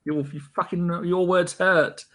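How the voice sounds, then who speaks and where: A man's voice: high voice, level tone, measured pace, a bit bright. A man, co-hosting a casual podcast chat, joking and laughing often. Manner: jokey, laughs often, banters. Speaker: podcast co-host.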